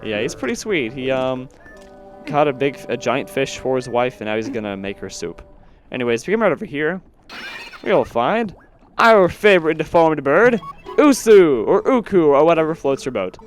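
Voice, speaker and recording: A man narrates his gameplay after the fact, rambling and self-deprecating with frequent fillers. His pitch moves up and down in a lively way. Faint game music plays beneath his voice. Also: moderate pace. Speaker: let's play commentator. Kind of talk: post-recorded gameplay commentary.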